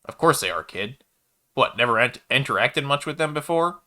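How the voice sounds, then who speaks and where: A man's voice: mid-range voice, lively intonation, normal speed, sharp tone, pitched above the performer's own voice. A man voicing a chatty, easygoing male alien baker in a sci-fi story, with a laid-back, folksy manner. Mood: urgent. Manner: laid-back, folksy, calls the listener kid.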